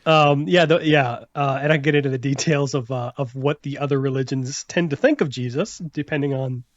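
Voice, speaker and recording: A man's voice: medium pitch, fairly even intonation, brisk, no echo, muffled recording. A man hosting a casual podcast chat, rambling with many restarts and fillers and laughing often. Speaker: podcast host.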